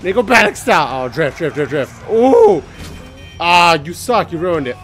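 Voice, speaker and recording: A man casually commentating a video game playthrough, excitable and joking, swearing often and singing bits to himself. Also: a little high, a little fast, faint music behind. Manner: excitable, swearing, jokey, sings snippets. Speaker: gaming channel host. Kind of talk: let's play commentary.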